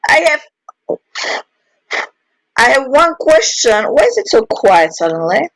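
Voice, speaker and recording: A woman's voice: on the high side, sing-song, takes it slowly, no echo, rough recording. A woman co-hosting a podcast over a voice call, giggly and exclaiming, whose first language is Czech. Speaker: podcast co-host. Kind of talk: casual chat over voice call.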